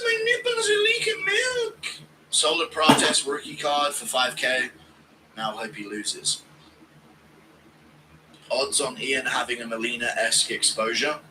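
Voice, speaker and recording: Hosting a fight watch-along stream, a man chats casually, reads donations aloud, and cracks crude jokes, sometimes doing squealing high-pitched impressions. His voice sounds pushed and bright, and the rough recording has slight background noise.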